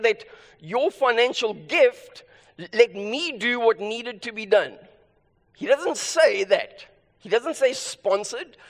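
A male pastor preaching a sermon, emphatic and repeating his key phrases for weight. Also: very high voice. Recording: long hall reverb.

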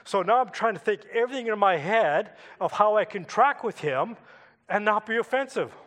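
A man's voice: sits high, animated, moderate pace, fairly bright tone, in a large hall. A Canadian man preaching a sermon in a church, telling a personal story in a conversational way and asking the congregation questions. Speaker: pastor.

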